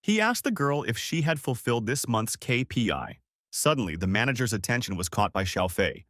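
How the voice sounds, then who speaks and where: A man narrating a scripted story recap at a steady storytelling pace. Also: medium pitch, a little fast, dry recording, clean studio sound.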